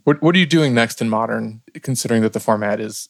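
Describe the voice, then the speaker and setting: A man's voice: mid-range voice, fast talker, no room sound. A man with a mid-range voice co-hosts a podcast, playful and eager as he makes his points. The recording is dry and close. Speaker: podcast co-host. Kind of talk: casual podcast chat.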